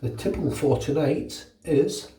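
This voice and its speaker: A man's voice: fairly high pitch, animated, a little slow, dark tone, distant mic. Chatty sweary British man, echoey bathroom. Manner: chatty, swears freely, rambling. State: under the weather with a cold. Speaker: shaving vlogger. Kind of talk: casual vlog talk while shaving. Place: bathroom at home. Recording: echoey room, voice off-mic.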